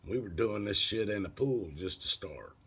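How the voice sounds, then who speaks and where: Gravelly deep-voiced storyteller man. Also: animated, moderate pace, a bit bright. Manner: rambling, folksy and profane, lots of fillers. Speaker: vlogger. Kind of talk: casual storytelling.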